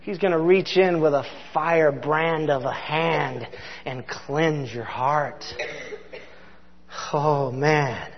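Male preacher, high voice, impassioned sermon, loud then hushed, dull reverberant hall recording. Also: slow pace.

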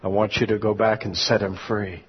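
A man voicing God as a deep, grave, commanding male voice, speaking in slow pronouncements on a dull lo-fi sermon recording. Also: flat delivery, a little hiss or hum, close to an everyday voice. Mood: solemn.

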